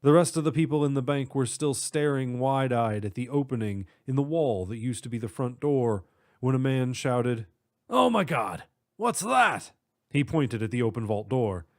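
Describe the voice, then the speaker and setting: A man narrating a story in a steady, measured way. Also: medium pitch.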